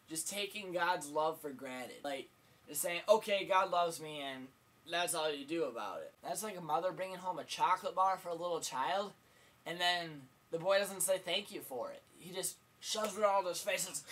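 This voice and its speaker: A man's voice: fairly high pitch, a bit bright. Earnest young man giving a vlog sermon. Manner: earnest, plain-spoken, repetitive emphasis. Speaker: vlogger preacher.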